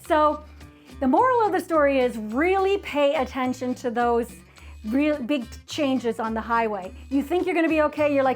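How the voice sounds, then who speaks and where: A woman's voice: high-pitched, moderate pace, faint music behind. A woman co-hosting a travel vlog, telling stories and giving tips in a chatty way that breaks into laughs easily. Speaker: travel vlogger co-host. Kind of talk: casual travel tips chat.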